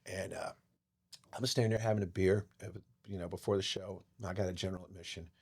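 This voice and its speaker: A man in his fifties, a podcast guest telling stories in a casual, profane, animated way. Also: deep voice, quick pace, husky. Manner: profane, animated, acts out quoted voices. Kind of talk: casual storytelling chat.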